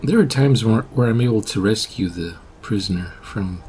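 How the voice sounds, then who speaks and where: A man with a fairly low voice talks casually over his game, rambling and correcting himself as he goes. He often drifts into quiet mutters, with faint music beneath him. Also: animated, moderate pace. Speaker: gameplay commentator. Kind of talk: casual gameplay commentary.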